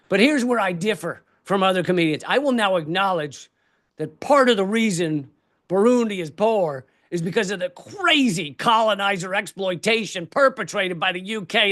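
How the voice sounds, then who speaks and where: A high-pitched man ranting through a stand-up comedy bit, profane and animated. He swings from fast asides to bursts of shouting. His delivery is full of swearing and exasperation. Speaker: comedian streamer.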